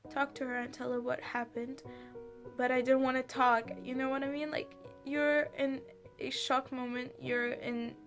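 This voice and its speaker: Young woman, high voice, upset and halting, storytime vlog, faint music underneath. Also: little pitch movement, a bit bright. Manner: halting, many fillers and restarts, anxious. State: upset, on the verge of tears. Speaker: vlogger. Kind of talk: emotional storytime monologue.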